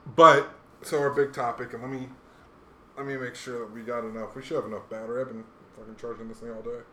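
A man co-hosting a casual podcast chat, slangy and animated, often acting out quotes in lively voices. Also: medium pitch, fast talker, slight background noise. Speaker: podcast co-host.

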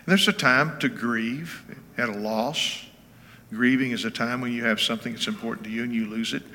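Folksy older pastor in a reverberant hall. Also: male voice, medium pitch, steady tone, moderate pace, pushed and bright. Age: 70s. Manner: folksy, conversational, checks in with listeners. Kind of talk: informal teaching sermon.

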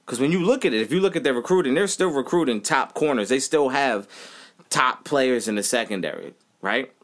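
Animated man hosting a sports rant. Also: medium pitch, fairly quick. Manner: animated, repeats himself, says y'all. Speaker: podcast host. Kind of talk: casual solo sports rant.

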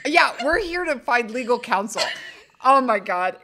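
A woman co-hosting a podcast, telling a story in a casual, animated way with lots of laughter. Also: a little high, measured pace. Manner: animated, laughing, acts out quotes. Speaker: podcast co-host.

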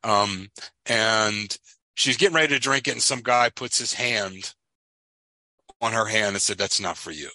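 A man's voice: on the low side, a little slow, no room sound, low-quality recording. A man with a Philadelphia accent, co-hosting a podcast and retelling scenes in a casual, earnest way. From Philadelphia area. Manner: earnest, animated storyteller. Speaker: podcast co-host. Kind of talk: casual chat.

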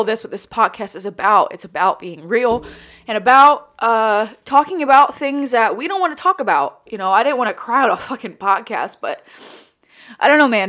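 A woman's voice: fairly high pitch, a bit bright. A woman hosting a solo podcast, tearful and rambling, with frequent restarts and casual swearing. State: tearful, voice breaking. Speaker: podcast host. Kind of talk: emotional solo podcast monologue.

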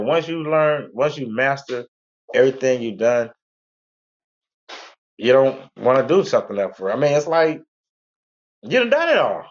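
A man hosting a talk radio show, rambling in a laid-back, repetitive way. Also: medium pitch. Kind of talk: casual monologue. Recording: lo-fi internet radio audio.

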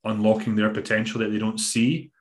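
A man's voice: on the low side, completely flat delivery, a little fast, roomy sound. A Scottish man, a bodybuilding coach, talking in a rambling, emphatic way in a casual podcast interview, now and then swearing. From Scotland.

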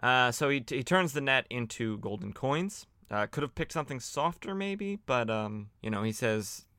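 A man's voice: medium pitch, lively intonation, moderate pace, pushed and bright, clean tone, no echo, clean studio sound. A man hosting a podcast, chatting casually and sardonically as he recaps old comic books, with lots of fillers and restarts. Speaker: podcast host.

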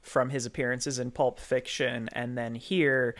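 A man from England, co-hosting a relaxed film discussion podcast. He lays out his ideas thoughtfully, pausing and restarting now and then. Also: mid-range voice. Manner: thoughtful, explains at length with small hesitations. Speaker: podcast co-host.

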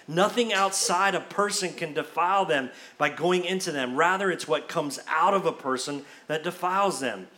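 Bright-voiced, lively man preaching. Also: a little high, normal speed, few pauses. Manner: animated, conversational preaching with casual asides. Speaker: pastor. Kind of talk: sermon.

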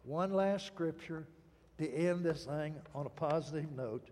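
High-voiced preaching man in a reverberant hall. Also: darkish tone, slight background noise. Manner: storytelling, emphatic preaching with dramatic pauses. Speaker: pastor. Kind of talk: sermon.

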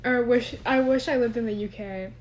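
Young female co-host, talkative and giggly, higher-pitched, casual home recording. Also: normal speed. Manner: chatty, rambling, laughs often. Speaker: podcast co-host. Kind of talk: casual chat. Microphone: no microphone, phone or computer.

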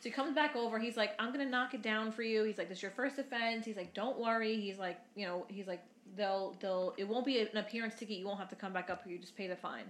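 A woman co-hosting a podcast chats casually, telling stories where she acts out what people said and swears freely. Her medium-pitched voice is fast, with hardly any pauses, and the room is reverberant.

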